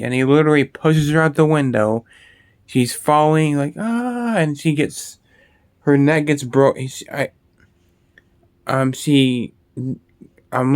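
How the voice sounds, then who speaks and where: A man chatting casually into a close mic, his voice smooth and resonant. He rambles, swears freely and restarts his sentences often. The sound is dry, with no room around it. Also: mid-range voice, no room sound. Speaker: video host. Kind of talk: casual horror movie talk.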